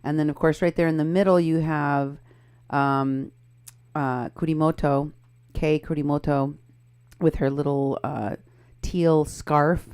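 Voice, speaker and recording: A woman's voice: deep voice, fairly even intonation, a little slow, a little mellow, clear, resonant tone. A woman co-hosting a casual political commentary show. She sounds pointed and critical as she walks through posts and photos. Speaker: co-host.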